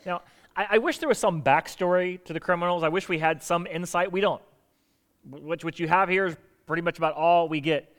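A man preaching a sermon as pastor, animated, asking rhetorical questions and acting out quoted lines. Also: sits high, fairly quick.

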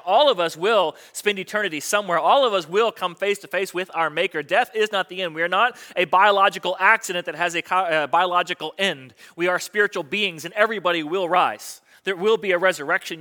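A man giving a sermon in a casual, talky way, often putting questions to his listeners. His voice sits high and rings bright and forward. He drops his level to a hush at times and then lifts it again. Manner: conversational, asks the audience questions, quick asides. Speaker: pastor.

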